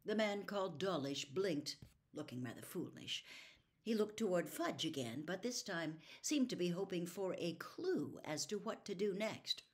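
Woman storybook reader, lowish voice, lively expressive delivery, soft on quiet passages. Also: a little slow. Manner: expressive, soft-spoken character reading. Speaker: audiobook reader. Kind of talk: storybook reading aloud.

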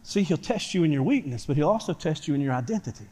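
A pastor preaching a sermon to his church, swinging from quiet talk to loud shouting. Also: on the high side, expressive, quick pace. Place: church sanctuary. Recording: church hall reverb.

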